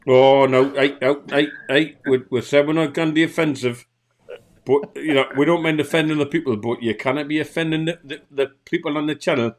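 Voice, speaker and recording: A man with a Geordie accent, co-hosting a live stream with loud, joking banter and mock scolding. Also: fairly high pitch, fairly even intonation, a little fast.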